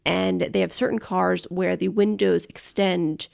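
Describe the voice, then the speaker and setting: A woman's voice: fairly low pitch, steady tone, measured pace, gravelly, darkish tone. A woman co-hosting a casual travel podcast, enthusiastic and informative, often correcting herself. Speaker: podcast co-host. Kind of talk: casual chat.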